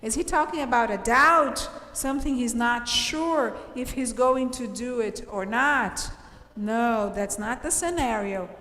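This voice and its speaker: A woman's voice: a little high, fairly bright tone. A woman English teacher, explaining grammar patiently to her class and checking often that everyone follows. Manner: patient, explanatory, checks understanding with frequent "okay?". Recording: roomy, reverberant room sound.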